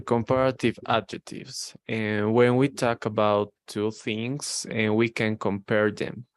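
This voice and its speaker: Male learner, low smooth voice, reads real slow, lots of ums. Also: no echo. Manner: hesitant, reads slowly with many ums. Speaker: language student. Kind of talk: reading aloud in a lesson.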